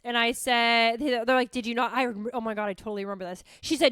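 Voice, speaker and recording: Casting: woman in her thirties, high bright voice, candid storyteller, swears freely. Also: steady tone, fast, few pauses, smooth, no echo. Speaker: podcast host. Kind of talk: casual storytelling.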